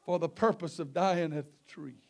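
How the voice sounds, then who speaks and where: A man's voice: a little high, normal speed. A male preacher, delivering an impassioned sermon in a sing-song preaching cadence.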